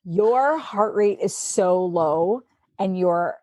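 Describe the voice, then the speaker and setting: A woman in the middle of her pitch range tells a story on a podcast guest spot, rattling it off with "like" in every line and playing out what everyone said. The sound is dry and close, with no room around it. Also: takes it slowly, no echo. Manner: chatty, fills speech with "like"; animated, acts out quotes. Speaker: sports anchor guest. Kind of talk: casual storytelling.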